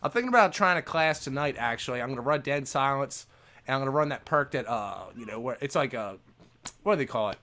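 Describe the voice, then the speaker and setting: Animated man ranting casually. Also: mid-range voice, fast. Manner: animated, conversational, lots of "man" and "you know". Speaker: gaming YouTuber. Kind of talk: casual gaming rant.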